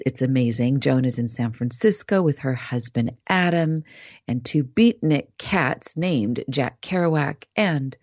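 Warm-voiced gushing woman radio host. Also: rumbling low, no room sound, dull audio. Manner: gushing and effusive; soothing, meditative delivery in opening blessing. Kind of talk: online radio talk show.

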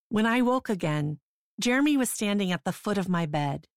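Female memoir narrator, sober and measured, low register, dry booth sound. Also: animated, gravelly, dry recording. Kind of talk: first-person memoir narration.

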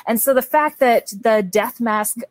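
A woman's voice: on the high side, unhurried. A woman with a Canadian accent, a guest author chatting in an interview with gushing enthusiasm. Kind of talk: casual interview.

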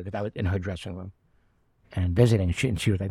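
A man's voice: deep voice, fairly even intonation, fast, dark tone, slightly rough, no echo. A middle-aged actor telling anecdotes in a casual chat, acting out the people he quotes. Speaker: actor guest.

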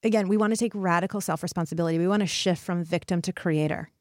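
A woman's voice: fairly low pitch, quick pace, darkish tone, dry recording, clean studio sound. A woman hosting a motivational solo podcast, speaking to her listeners in an earnest, encouraging way. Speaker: podcast host.

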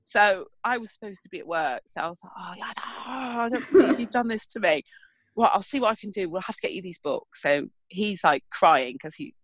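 A middle-aged woman co-hosting a casual chat, telling animated stories and acting out what people said. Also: medium pitch, fairly quick, no echo. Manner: animated storyteller, acts out quotes. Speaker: podcast co-host.

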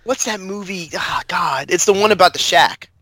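A man's voice: high-pitched, normal speed, bright, forceful tone, no room sound. A man co-hosting a podcast in casual chat, rambling through stories with fillers and laughs. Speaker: podcast co-host.

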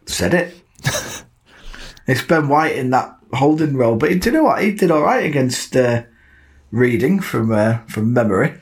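A man's voice: medium pitch, lively intonation, normal speed. A man co-hosting a casual football podcast, joking and laughing as he talks. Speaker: podcast co-host.

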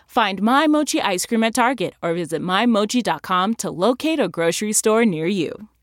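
A woman's voice: medium pitch, expressive, normal speed, no echo. A woman with a mid-range voice gives an upbeat, playful ad read. The sound is dry and close to the mic. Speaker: ad announcer. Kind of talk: scripted ad read.

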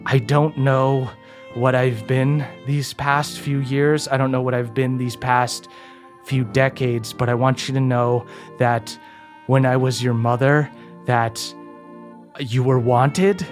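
A man voicing a long-lost mother, a gentle cursed woman, speaking tenderly in halting phrases. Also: mid-range voice, flat delivery, faint music behind, lightly acted.

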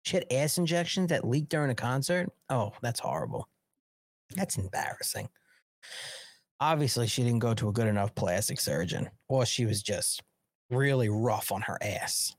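A man's voice: mid-range voice, moderate pace, no room sound. A man hosting a live political talk show, reading news aloud and riffing on it in a crude, mocking, sarcastic rant. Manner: reads news aloud, then riffs on it. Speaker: host.

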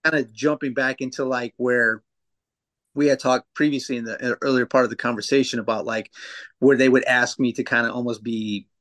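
A man's voice: mid-range voice, fairly even intonation, fairly quick, a bit bright. Profane, rambling man telling stories. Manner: loose, profane storytelling with many fillers. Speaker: tattoo artist guest. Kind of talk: casual podcast conversation.

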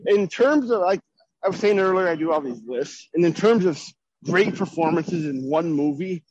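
A man's voice: high-pitched, lively intonation, normal speed, darkish tone, breathy edge, no echo, highs cut off. A man co-hosting a casual podcast chat, earnestly going through his list. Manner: earnest, list-making, enthusiastic. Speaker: podcast co-host.

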